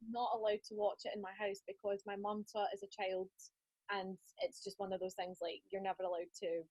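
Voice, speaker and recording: A woman's voice: mid-range voice, flat delivery, fairly quick, a little mellow. Chatty woman podcast host. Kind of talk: casual conversation.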